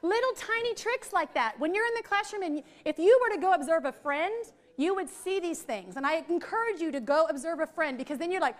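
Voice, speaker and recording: A middle-aged woman, leading a lively, chatty teacher training workshop for a group in a training room. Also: very high-pitched, a little fast, few pauses. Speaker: literacy trainer.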